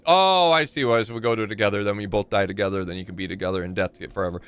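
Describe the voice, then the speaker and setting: A man's voice: lowish voice, rapid-fire, few pauses, a bit bright, slight background noise. A man casually commenting while he plays a video game live, rambling and reading in-game notes aloud. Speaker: streamer.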